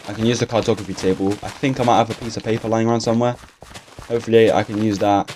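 A man's voice: on the low side, a little mellow, slight background noise. Sweary young man gaming. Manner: swears constantly, grumbles, rambles. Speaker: gaming YouTuber. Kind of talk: casual let's-play commentary.

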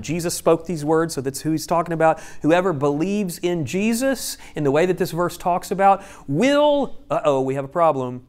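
A male pastor giving a conversational teaching sermon, explaining step by step with friendly asides. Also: fairly high pitch. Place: church room with a screen.

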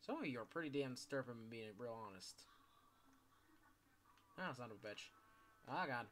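A man's voice: mid-range voice, animated, normal speed, a bit bright. A young man commentating his gameplay, swearing a lot and breaking into panicky outbursts between mutters. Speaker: gaming YouTuber.

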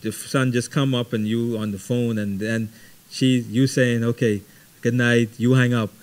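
A middle-aged man leading a Bible study, teaching conversationally with lively stories and frequent "right?". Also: mid-range voice, normal speed. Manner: animated storytelling, frequent ums and repeated "right?".

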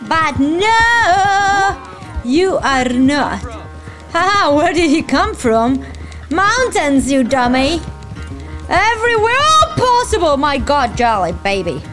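A high-pitched woman narrates her gameplay as an excitable, playful host, her voice leaping up and down as she teases the characters on screen. Game music plays faintly behind her. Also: takes it slowly. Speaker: gaming video host. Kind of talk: let's-play reaction commentary.

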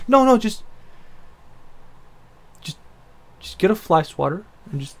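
A man's voice: a little high, sing-song, a little slow, long pauses. A man telling a story-time rant, sarcastic and profane, rambling with asides.

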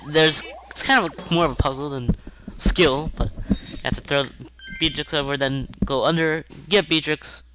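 Bright-voiced man rambling over gameplay. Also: on the high side. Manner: rambling, chatty, self-mocking asides; excitable outbursts during play. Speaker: video game let's-play host. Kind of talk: casual gameplay commentary. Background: faint game music.

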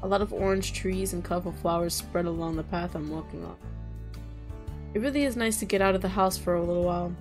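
A woman playing a visual novel, reading its lines aloud and breaking off into loud reactions and laughter. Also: lowish voice, steady tone, fast, music in the background. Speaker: gaming streamer.

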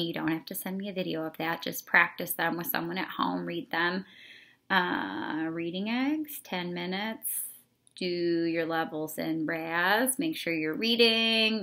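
A woman teacher giving a slow, patient remote lesson to young children, drawing out her words. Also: fairly low pitch, creaky, bright, forceful tone.

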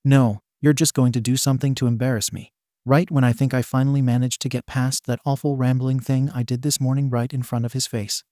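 A man's voice: mid-range voice, level tone, a little fast, dark tone, no room sound, clean studio sound, natural voice. A man voicing a nervous, stammering teenage boy who babbles when embarrassed, in a storybook reading. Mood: flustered.

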